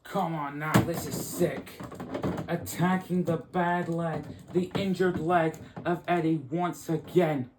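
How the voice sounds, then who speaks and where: A woman's voice: low voice, steady tone, slow. A woman giving emotional, swearing fan commentary on a wrestling video game. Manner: emotional, swearing, outraged outbursts. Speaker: play-by-play commentator. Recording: echoey room, clear background noise.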